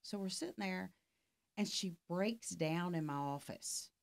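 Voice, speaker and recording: A middle-aged woman, a life coach appearing as a podcast guest, tells a story in casual conversation and acts out both sides of the dialogue. Her voice is fairly low-pitched, a little slow, and creaky.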